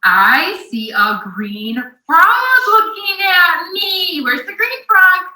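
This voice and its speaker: Woman, high and lively, reading aloud to a small child, encouraging, slow sing-song, roomy off-mic sound. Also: recorded from a distance. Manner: animated and encouraging, with playful animal sounds. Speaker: adult reading a picture book aloud to a young child. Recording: echoey room, voice off-mic.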